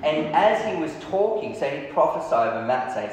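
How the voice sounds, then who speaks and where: A man preaching a storytelling sermon, lively, acting out the dialogue of the people in his story. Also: on the high side, a little fast. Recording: echoey hall, heavy reverb.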